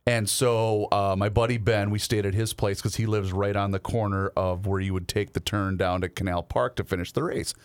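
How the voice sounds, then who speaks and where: Low-voiced man co-hosting a chat show. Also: fairly even intonation, normal speed, hardly any pauses, clean tone. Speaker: co-host. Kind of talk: casual chat.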